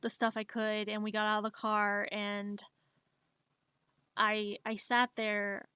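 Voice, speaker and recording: A woman's voice: mid-range voice, completely flat delivery, slow pace, sharp tone, clear, resonant tone, no room sound. A young woman streamer telling a personal story in a casual, anxious way, often stammering and repeating herself. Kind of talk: storytelling during a live art stream.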